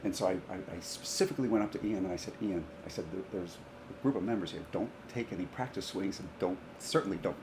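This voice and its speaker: A man, a high school golf coach, telling stories in a casual podcast chat and often laughing through them. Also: quick pace, background noise. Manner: animated, laughs through his own stories.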